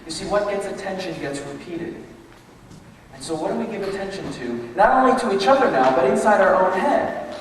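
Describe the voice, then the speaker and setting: A man giving an animated, emphatic motivational talk to a live crowd, his voice a touch high and swinging widely in pitch. He is far from the mic in a large, echoing hall with a faint hum of room noise. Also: fairly quick. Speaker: motivational speaker. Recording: echoey hall, distant mic.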